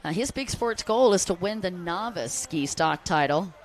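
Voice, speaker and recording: A woman's voice: lowish voice, animated, moderate pace. A woman announcing a jet ski race live, chatty and upbeat, joking with the crowd. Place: outdoor race venue by the water.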